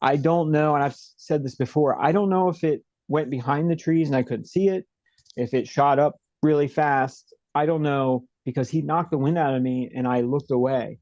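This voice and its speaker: This interview guest has a fairly high, slightly mellow voice and a moderate pace. Calling in by video from home, he tells an animated story vividly, peppering it with "like" and "right?" The audio is dull, with no room sound.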